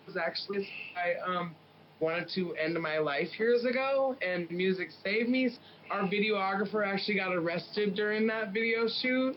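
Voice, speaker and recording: Frank and full of fillers, this guest rapper, a woman from the Pacific Northwest, spins stories during a casual interview. The lowish voice comes through a muffled recording with a little hiss or hum.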